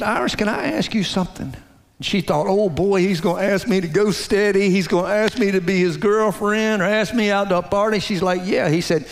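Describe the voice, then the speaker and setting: A man preaching a sermon, telling a story in a folksy way and dropping to a hushed low voice to stress his points. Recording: long hall reverb.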